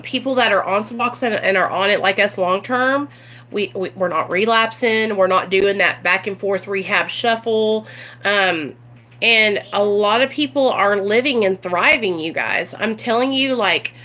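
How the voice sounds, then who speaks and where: A woman's voice: medium pitch, sharp tone. A woman talking casually to her viewers on a livestream, earnest and rambling with plenty of ums and you-knows. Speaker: recovery vlogger.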